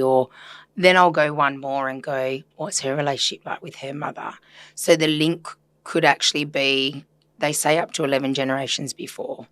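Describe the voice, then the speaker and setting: A woman's voice: low-pitched, no room sound. A woman therapist talking earnestly and reflectively in a casual podcast conversation, chatty with filler words. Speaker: systemic therapist guest.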